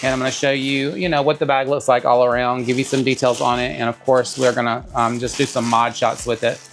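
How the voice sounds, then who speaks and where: A man's voice: medium pitch, little pitch movement, fairly quick, fairly bright tone, a little hiss or hum. A man chatting enthusiastically to his viewers while unboxing a tote bag at home. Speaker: bag reviewer. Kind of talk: casual unboxing vlog.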